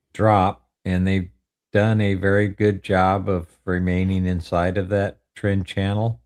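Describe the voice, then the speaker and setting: A man co-hosting a stock live stream, methodically reading off chart indicators and trends. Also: low-pitched. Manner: steady, methodical readout of indicators. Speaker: co-host, technical analyst. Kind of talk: technical chart commentary.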